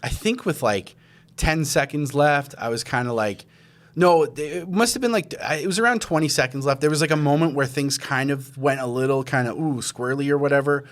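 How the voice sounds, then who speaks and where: A man's voice: a little high, fairly quick. A man hosting a podcast, telling a long story in casual chat, rambling with lots of fillers and acting out his own quoted reactions. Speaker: podcast host.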